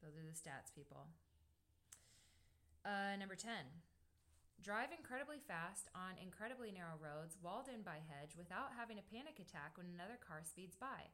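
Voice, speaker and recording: A woman's voice: lowish voice, lively intonation, moderate pace, a bit bright. A woman hosting a casual podcast, reading through a list of tips in a chatty, playful way. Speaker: podcast host.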